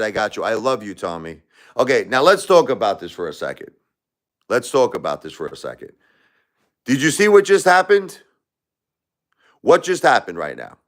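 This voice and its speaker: A man hosting a casual livestream, talking emphatically and repeating himself, swinging between loud and quiet. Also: lowish voice, very animated, moderate pace, pauses often. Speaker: livestream host.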